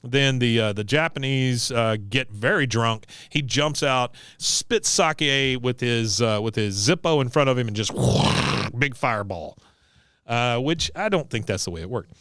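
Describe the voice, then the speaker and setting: A man's voice: medium pitch, animated, moderate pace, a bit bright, clear, resonant tone, no echo, studio quality. A man hosting a podcast who chats casually and laughs often as he retells cartoon scenes. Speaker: podcast host. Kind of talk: casual episode recap.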